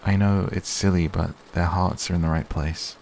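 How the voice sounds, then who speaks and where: Brief: a dry, stubborn teen girl read by a man in a deep, gravelly, unhurried whispered role-play. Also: fairly even intonation, a little hiss or hum. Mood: wry. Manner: soft, slow, barely acted. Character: teenage girl narrator, wry and stubborn.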